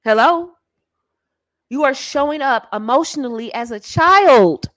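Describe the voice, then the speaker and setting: A woman's voice: high voice, animated, unhurried, fairly bright tone, dry recording. A woman hosting a channel as a dating coach, giving sassy, emphatic straight-talking advice and calling the listener baby and honey.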